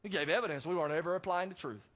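High, bright-voiced preacher. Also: male voice, very fast. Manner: emphatic, addresses the congregation with rhetorical questions. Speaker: pastor. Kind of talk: sermon. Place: church service. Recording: dull lo-fi recording.

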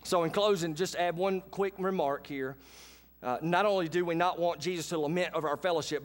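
High-voiced preacher, lively. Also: male voice, fast. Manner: animated preaching, folksy asides to the congregation. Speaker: pastor. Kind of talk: sermon. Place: church sanctuary.

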